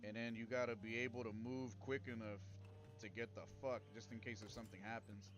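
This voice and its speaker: Male streamer talking over his gameplay, crude and rambling, soft game music underneath. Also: fairly low pitch, little pitch movement, brisk. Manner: crude, rambling, reads game text aloud. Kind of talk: casual gaming commentary.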